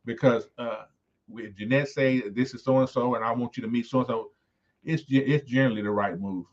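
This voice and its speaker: Brief: casual, halting man talking over a dull, lo-fi video call line. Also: mid-range voice, fairly even intonation. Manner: casual, halting, repeats himself. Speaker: guest.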